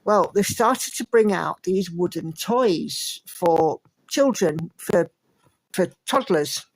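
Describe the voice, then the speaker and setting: An English woman hosts a livestream, chatting and reading viewer comments aloud with plenty of fillers. She has a fairly low, expressive voice and speaks slowly, and the recording quality is poor.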